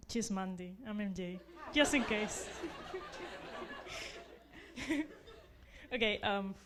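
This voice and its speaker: A woman's voice: mid-range voice, takes it slowly, a crowd in the background. A young woman who is not a native English speaker, giving an earnest, self-deprecating graduation speech as class representative.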